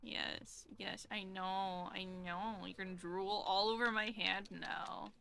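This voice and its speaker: A woman live streamer chatting casually while gaming, cooing baby talk to her cat and cheering in excited bursts. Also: medium pitch, slow, vocal fry.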